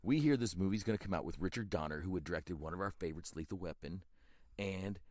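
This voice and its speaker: A man's voice: deep voice, fast, a little mellow, dry recording, clean studio sound. A middle-aged man co-hosting a podcast, chatting about a movie in a teasing, playful way, now and then putting on silly voices. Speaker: podcast co-host. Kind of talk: casual movie review chat.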